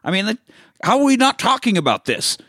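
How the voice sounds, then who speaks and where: A man hosting a casual film podcast, retelling scenes with animated energy and plenty of swearing. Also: high voice, brisk, no echo, studio quality. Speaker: podcast host.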